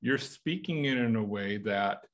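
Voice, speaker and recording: A man's voice: lowish voice, unhurried. An American man teaching a Bible study in a conversational way, asking his listeners rhetorical questions. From United States.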